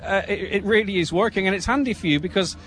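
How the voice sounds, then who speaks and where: A man with an Irish accent presenting a live outdoor radio broadcast, upbeat and giving shout-outs. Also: high-pitched, quick pace. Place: outdoor show ground.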